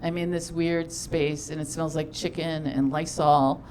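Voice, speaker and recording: A woman's voice: deep voice, steady tone, unhurried, a crowd in the background. A middle-aged woman doing stand-up, telling a long personal story in a chatty, self-deprecating way, full of fillers and acted-out dialogue. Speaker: stand-up comedian. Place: comedy festival stage.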